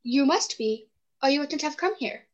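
Teasing, riddling cat, voiced by a woman, a little high, muffled lo-fi recording. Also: expressive, normal speed. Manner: teasing, matter-of-fact logic. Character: grinning, riddling Cheshire cat. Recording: dull lo-fi sound.

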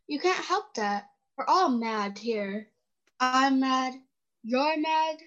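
Teasing, riddling cat, voiced by a woman, a little high, muffled lo-fi recording. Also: expressive, slow, fairly bright tone, heavily acted. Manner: teasing, matter-of-fact logic. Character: grinning, riddling Cheshire cat. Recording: dull lo-fi sound.

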